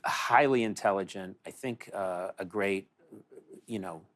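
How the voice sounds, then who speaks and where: A man with a lowish voice talks in a thoughtful, halting way, pausing on fillers as he hunts for the right word. The tone is casual, like a panel chat. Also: a bit bright. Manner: thoughtful, searching for words, many fillers.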